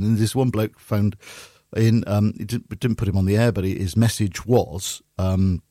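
A man's voice: lowish voice, dry recording, clean studio sound. A middle-aged man with a Bristolian accent, a radio presenter telling anecdotes in casual chat and acting out the voices he quotes. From Bristol, England. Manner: lively storyteller, acts out quoted voices.

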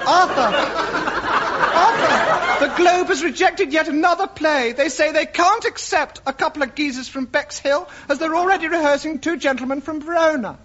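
A man in falsetto playing a brash, bossy woman in a radio comedy sketch. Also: moderate pace, background noise. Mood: indignant. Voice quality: shrill falsetto. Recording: dull radio recording with loud audience laughter.

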